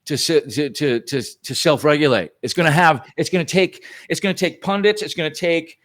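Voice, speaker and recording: A man's voice: on the high side, a little fast, a bit bright. A man who is a guest on a talk show, speaking emphatically and with profanity in casual political conversation. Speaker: guest filmmaker.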